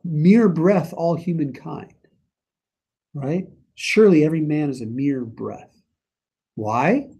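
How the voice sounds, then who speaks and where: A man's voice: a little high, slow pace, long pauses, warm tone, slightly rough. A man leading a church Bible study, reading scripture aloud and then paraphrasing it earnestly in his own words. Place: church meeting room.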